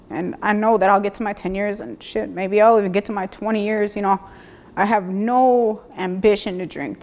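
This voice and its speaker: A woman in her thirties telling her own story of recovery, speaking candidly with halting restarts and repeated phrases. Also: medium pitch, a little mellow. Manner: plainspoken, occasional mild swearing. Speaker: person sharing a recovery story. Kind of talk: personal testimony, candid and conversational.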